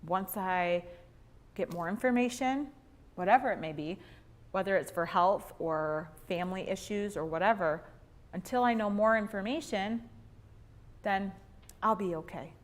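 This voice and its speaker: A woman's voice: medium pitch, a little slow, long pauses. A woman in her thirties teaching a women's church class, telling a personal story and acting out the quoted lines.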